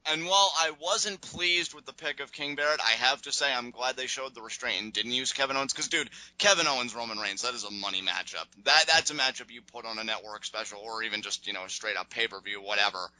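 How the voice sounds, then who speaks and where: A man co-hosting a wrestling podcast, chatting through a recap in a casual, animated way. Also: medium pitch, quick pace, few pauses, no echo, low-quality recording. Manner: animated, acts out wrestlers' lines.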